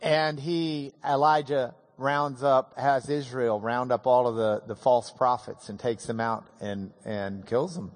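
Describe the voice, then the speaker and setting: A man's voice: medium pitch, steady tone, measured pace, few pauses. A man preaching a sermon, telling the story with humor and emphatic swings. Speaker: pastor.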